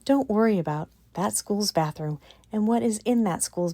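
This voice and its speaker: A woman giving a casual commentary monologue on her channel, animated and incredulous, repeating her points for emphasis. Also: mid-range voice, moderate pace, no room sound. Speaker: vlogger.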